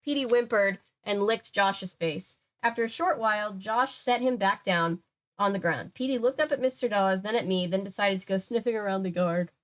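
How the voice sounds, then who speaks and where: A woman's voice: mid-range voice, normal speed. Woman reading a spooky kids' book aloud. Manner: casual, chatty asides. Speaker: book reader.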